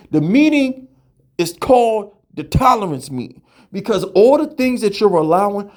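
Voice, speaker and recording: A man in a heated, profane rant, firing off questions and tripping over repeated words. His voice sits high and swings wildly up and down as he vents. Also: sing-song, normal speed, a little mellow. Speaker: podcast host. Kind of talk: ranting fan commentary.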